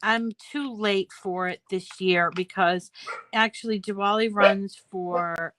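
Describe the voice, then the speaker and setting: A woman's voice: mid-range voice, steady tone, normal speed, a bit bright, no echo, poor audio. An older woman hosting a crafting video, chatting in a rambling, self-deprecating way while she works. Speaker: crafting channel host. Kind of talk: casual crafting tutorial chat.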